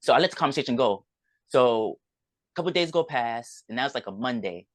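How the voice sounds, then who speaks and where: A man's voice: mid-range voice, expressive, brisk, no room sound. A man, a podcast guest, tells a personal story in rambling conversation, often acting out what others said. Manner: rambling, recounts events with quoted dialogue.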